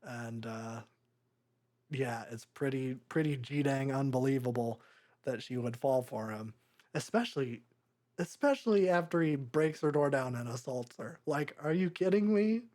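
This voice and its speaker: A young man co-hosting a podcast, chatting casually about a movie, rambling and halting with lots of fillers. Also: mid-range voice, darkish tone. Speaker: podcast co-host. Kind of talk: casual movie review chat.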